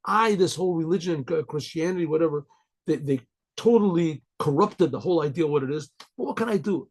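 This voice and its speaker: A rabbi teaching a Torah class in a loose, halting way, repeating words and often clearing his throat. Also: fairly high pitch, a little mellow. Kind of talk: informal Torah lecture.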